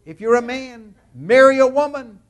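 A man preaching a sermon as pastor, emphatic and expressive, dropping into quick conversational asides. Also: extremely high pitch, clear, resonant tone.

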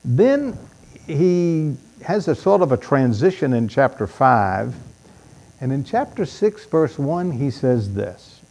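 A man's voice: mid-range voice, big pitch swings, unhurried, gravelly, mellow. A man preaching a sermon, reading Bible verses aloud with dramatic emphasis and talking to the congregation in conversational asides.

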